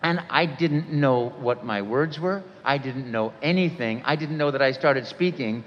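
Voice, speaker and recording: Animated man in his sixties telling stories. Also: mid-range voice, measured pace, slight background noise. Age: 60s. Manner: animated storyteller, acts out quotes with sudden jumps in voice. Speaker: voice actor guest speaker. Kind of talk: storytelling talk to a convention audience. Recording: dull sound with long hall reverb.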